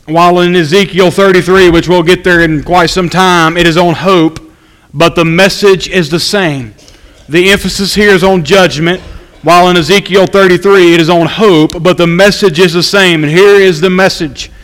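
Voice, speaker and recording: A man preaching an evening sermon, reading scripture aloud and slowly repeating his key points for emphasis. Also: sits high, steady tone, a bit bright, smooth, long reverb tail, rough recording.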